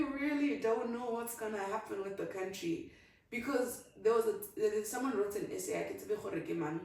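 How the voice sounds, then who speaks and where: South African woman, young, mid-pitched voice, rambling vent, distant mic, heavy room echo. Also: darkish tone. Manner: rambling, switches between languages mid-sentence. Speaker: vlogger. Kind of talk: casual vent to camera.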